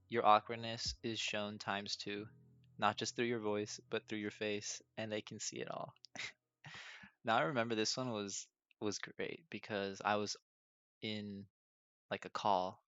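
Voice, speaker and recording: A young man with a lowish, slightly bright voice hosts a casual solo podcast, telling stories and laughing often. He's self-deprecating, even acting out his own nervous stammering, and the audio is dull and lo-fi with faint music behind.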